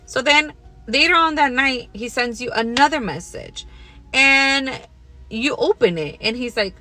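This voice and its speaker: A woman's voice: high-pitched, animated, a little slow, pushed and bright, dry recording, soft background music. A young woman telling a casual workplace storytime in a blunt, profane, second-person way.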